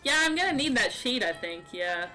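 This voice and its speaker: A young adult woman streaming a game, giving casual commentary, exasperated and swearing with loud outbursts. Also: on the high side, sing-song, brisk, soft background music.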